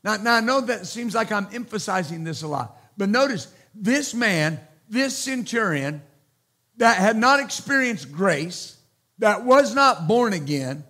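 A pastor delivering a sermon, preaching emphatically with repeated phrases and loud exclamations. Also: male voice, high-pitched, animated, unhurried.

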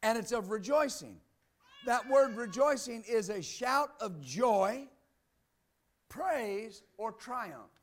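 A pastor gives an exuberant sermon, shifting from loud statements to quiet side remarks and laughing between points. His male voice is extremely high and expressive, and his pace is slow.

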